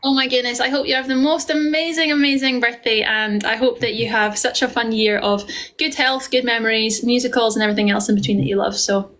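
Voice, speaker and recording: A woman's voice: on the high side, fairly even intonation, fairly quick, a bit bright. A woman with a Scottish accent, hosting a casual live stream and chatting affectionately with viewers as she answers their questions. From Scotland. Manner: chatty and affectionate, calls viewers darling and lovely. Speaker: live-stream host and musical theatre performer.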